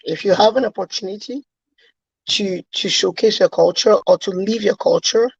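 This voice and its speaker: Husky woman on a video call. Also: mid-range voice, moderate pace, no echo. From Cameroon. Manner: earnest, reminiscing, laughs easily. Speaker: guest. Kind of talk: casual chat on a video call. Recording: dull, lo-fi video call audio.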